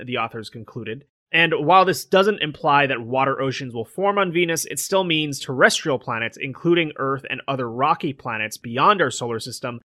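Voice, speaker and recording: A man's voice: medium pitch, bright, forceful tone. A man co-hosting a casual podcast, steadily reading out and explaining a science article. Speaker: co-host.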